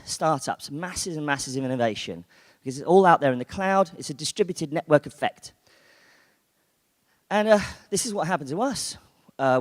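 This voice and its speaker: Guy rambling through a conference talk, lots of ums, big echoey hall. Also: medium pitch. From United Kingdom. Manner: chatty, rambling with fillers and restarts. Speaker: conference speaker. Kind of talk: keynote talk. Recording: long hall reverb.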